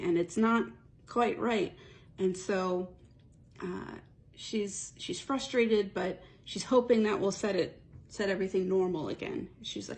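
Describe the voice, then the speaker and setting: A woman telling a story in a loose, chatty ramble, piling events onto each other. Her voice has a gravelly, creaky texture at a middle pitch. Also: a little mellow. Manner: rambling, chatty, many "and so" run-ons. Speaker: storyteller pitching a movie idea. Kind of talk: casual storytelling.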